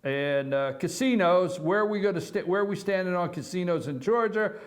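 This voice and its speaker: A man's voice: high voice, normal speed. A man hosting a live online morning show from an office, delivering opinion commentary with emphatic, repeated rhetorical questions.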